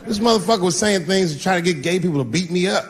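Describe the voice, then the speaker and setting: A man doing a stand-up comedy set, telling profane stories in an animated way and acting out voices. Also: high voice, quick pace, background noise. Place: comedy club stage. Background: audience laughter.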